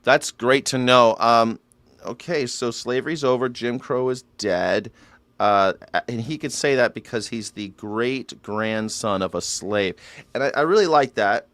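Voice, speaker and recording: A man's voice: medium pitch, unhurried, a bit bright, dry recording. A man hosting a live news reaction show, talking in a sarcastic, irreverent way and swearing freely.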